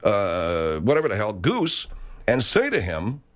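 A man's voice: fairly low pitch, wildly swooping pitch, measured pace. An American man ranting as a talk show host, swearing heavily, rambling and emphatic. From United States. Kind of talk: profane comedic rant.

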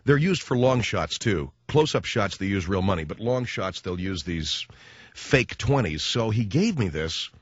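A man's voice: fairly low pitch, very animated, measured pace, slightly rough, dry recording. A man hosting a radio talk show, rambling and joking as he acts out little scenes in other voices. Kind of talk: comic radio monologue. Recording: dull, dry studio radio sound.

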